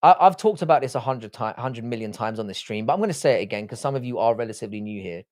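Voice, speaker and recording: A man's voice: mid-range voice, animated, racing, a little mellow. A young man hosting a casual live stream from a desk mic. He reads the chat aloud and answers it in a blunt, crude, joking way, swearing freely. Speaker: livestream host reading chat. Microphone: desk microphone, seated.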